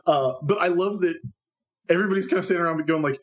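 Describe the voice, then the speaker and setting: A man co-hosting a casual fan podcast, playful and quick with jokey asides. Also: high voice. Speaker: podcast co-host.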